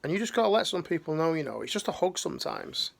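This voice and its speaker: Middle-aged man, ex-military life coach, gravelly, slangy and heartfelt, restarts a lot. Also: fairly high pitch, sing-song, quick pace. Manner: earnest, slangy, rambling with restarts. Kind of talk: emotional motivational talk.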